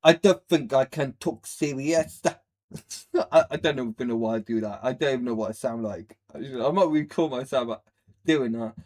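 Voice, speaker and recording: A man's voice: medium pitch, moderate pace, a little mellow. A man hosting a live stream, ranting bluntly and rambling in a mocking way as he reacts to videos. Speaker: livestream host.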